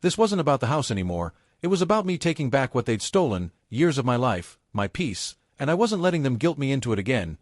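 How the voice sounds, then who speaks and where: Lively male story narrator, dry sound. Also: medium pitch, fairly quick, few pauses, dry recording. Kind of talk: scripted first-person story narration.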